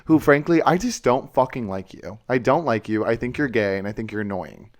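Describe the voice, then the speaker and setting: A young man co-hosting a podcast, talking in a sassy, animated way, swearing freely and calling people mama and girl. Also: medium pitch, a little fast. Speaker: podcast co-host. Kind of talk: casual chat.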